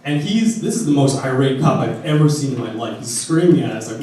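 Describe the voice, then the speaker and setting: A man from Arizona casually telling an animated personal story and acting out the people in it. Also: medium pitch, brisk, heavy reverb, far from the mic, slight background noise, low-quality recording. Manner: casual, animated, acts out quotes.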